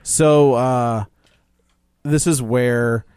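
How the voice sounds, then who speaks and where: A man's voice: mid-range voice, steady tone, extremely slow, a little mellow, clean tone, no echo, clean studio sound. A man in casual chat, retelling a film and acting out the characters' lines.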